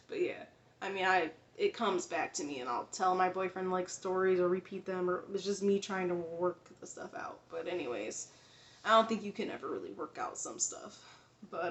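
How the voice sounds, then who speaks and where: A woman's voice: on the low side, fairly bright tone. Rambling woman vlogger in an echoey room. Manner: rambling, with many fillers and restarts, laughs often. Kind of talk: casual storytelling.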